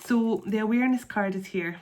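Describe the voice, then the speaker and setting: A woman giving an intuitive tarot reading to her viewers, talking in a soft, earnest and openly emotional way, and stretching out words as she reads the cards. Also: medium pitch, a little fast. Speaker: tarot card reader.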